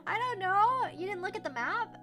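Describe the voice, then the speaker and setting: A young woman with a very high, girlish voice chats casually on her stream, giggling often and swearing lightly as she talks. Soft music plays quietly in the background. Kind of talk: casual chat.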